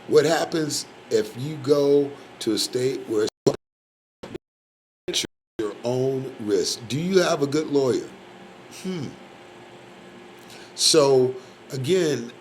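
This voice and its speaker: A man's voice: medium pitch, lively intonation, slow, long pauses, a little hiss or hum, poor audio. A man hosting a live community radio show in a loose, casual way, rambling with lots of fillers. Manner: rambling, filler-heavy, shout-outs.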